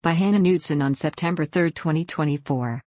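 Female newsreader, low-pitched, dry studio sound, measured article narration. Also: a little mellow, no echo. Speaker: news reader. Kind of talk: scripted news narration.

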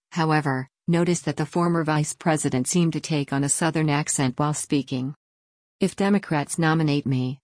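A woman reading a news article aloud in an even, measured scripted narration. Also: sits low, no room sound. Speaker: news reader.

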